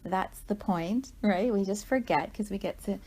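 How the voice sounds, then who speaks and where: A woman guides a walking meditation in a warm, mellow voice. She speaks gently and conversationally, often checking in with the listener as she goes. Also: medium pitch, moderate pace, breathy edge. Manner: gentle, conversational, with frequent "right?" asides.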